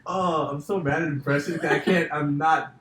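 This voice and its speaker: A man's voice: on the high side, steady tone, moderate pace, a bit bright, slight background noise. A man hosting a podcast, telling a story in casual chat, full of "like" fillers. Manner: storytelling, filler-heavy, says like a lot. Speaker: podcast host. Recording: roomy echo.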